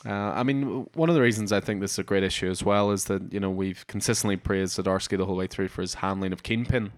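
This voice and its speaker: A man hosts a casual comics chat and eagerly walks through the story beats. His voice is low and smooth, and it is recorded dry and close. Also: fairly even intonation, fast, dry recording. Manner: enthusiastic, summarizes scenes in detail. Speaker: podcast host.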